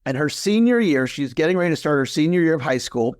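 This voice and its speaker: Earnest man in his fifties, fairly high voice. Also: fast talker, clear, resonant tone, no room sound, studio quality. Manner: earnest, repeats key phrases, lively when retelling. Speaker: podcast guest, coach. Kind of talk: conversational interview.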